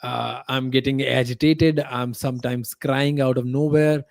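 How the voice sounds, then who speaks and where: Man, podcast guest, halting heartfelt storytelling, many fillers, mid pitch, dry close mic. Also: steady tone, creaky, no room sound. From India. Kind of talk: emotional personal storytelling.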